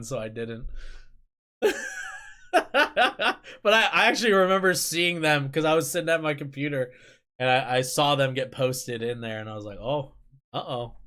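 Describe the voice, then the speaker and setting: A man's voice: mid-range voice, pushed and bright, smooth. Rambling, laughing young man streamer. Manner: rambling, laughing, reads chat aloud. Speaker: livestream host. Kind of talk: casual chat with stream viewers.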